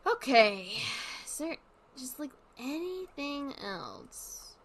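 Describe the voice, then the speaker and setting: A woman's voice: sits high, sing-song, slow pace, a bit bright, a little hiss or hum. A woman streamer giving casual commentary while playing, rambling and thinking aloud with lots of fillers.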